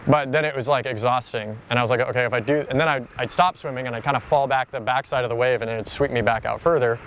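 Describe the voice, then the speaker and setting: A man's voice: medium pitch, steady tone, quick pace, fairly bright tone. Guy rambling through his story in an interview, lots of "like" and "you know", some faint noise behind.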